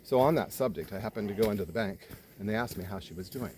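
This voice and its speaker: A man telling a story in casual conversation, animated, swearing freely and acting out the people in it. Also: lowish voice, a little hiss or hum. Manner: animated retelling, swears freely, quick jumps in loudness.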